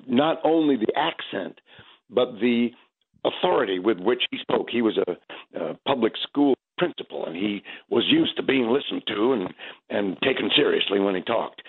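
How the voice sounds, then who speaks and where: Over a tinny phone line, a man in his seventies from the United States, a stage actor, talks reflectively in an interview. His mid-range voice has a breathy edge, and he frequently restarts his sentences.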